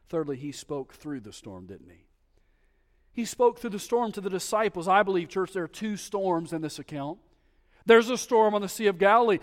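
A man preaching a sermon to his church, emphatic and swinging from hushed asides to loud exclamations. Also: high-pitched, in a large hall. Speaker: pastor. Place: church sanctuary.

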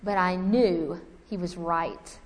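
Woman preaching with animated storytelling. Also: fairly low pitch, slow, big-room sound. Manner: animated, acts out dialogue, self-mocking. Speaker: speaker at a women's gathering. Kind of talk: sermon with personal storytelling.

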